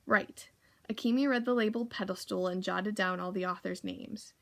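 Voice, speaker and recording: A woman reads a children's chapter book aloud for a library storytime, calm and even. Her voice sits mid-pitch with a noticeable gravelly fry. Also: a little fast. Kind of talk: reading a children's novel aloud.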